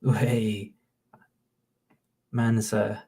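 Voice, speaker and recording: A man's voice: lowish voice, flat delivery, extremely slow, dark tone, slightly rough. A man in his late twenties with a Northern English accent, rambling and swearing through casual reaction commentary. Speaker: YouTuber.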